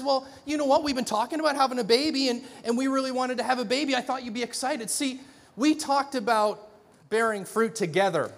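A middle-aged man preaching a sermon in a conversational, animated way, with frequent restarts and acted-out dialogue. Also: very high-pitched, a little fast, gravelly. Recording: long hall reverb.

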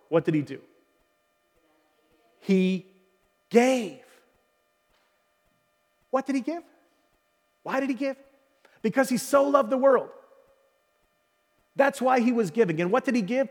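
High-voiced pastor preaching in a reverberant hall. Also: male voice, animated, takes it slowly, pauses often. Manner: earnest, building to emphatic calls. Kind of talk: sermon. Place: church hall.

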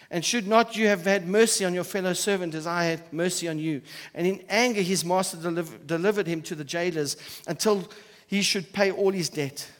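A high-voiced pastor preaching his sermon, his voice rising to loud emphasis and then dropping to soft, quiet asides. The sound rings out with the long reverb of a church hall.

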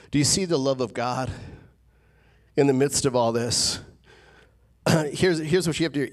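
A man preaching a sermon as the pastor, animated and rising to emphatic peaks. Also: mid-range voice.

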